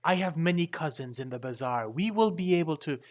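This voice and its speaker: A man's voice: fairly high pitch, expressive, a little fast, natural voice. A man voicing an eager, pushy male merchant who coaxes customers with wheedling sales patter. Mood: coaxing.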